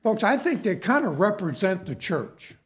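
A man's voice: high-pitched, sing-song, moderate pace. A man preaching a sermon in an earnest, emphatic way, often addressing his listeners as folks.

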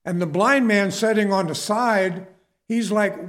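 Slow, high-voiced preacher man. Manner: earnest, emphatic, keeps calling listeners "folks". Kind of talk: sermon.

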